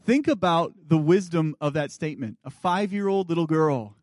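A man's voice: on the high side, very animated, normal speed, dry recording. Earnest preaching man, dry close mic. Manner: earnest preaching, dropping to soft quiet asides. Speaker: guest preacher. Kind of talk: sermon. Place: church sanctuary.

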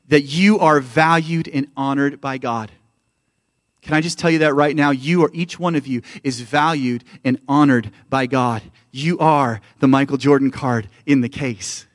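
A man's voice: a little high, no room sound, clean studio sound. A Canadian man preaching a sermon as lead pastor, with an emphatic delivery that keeps calling out to the church.

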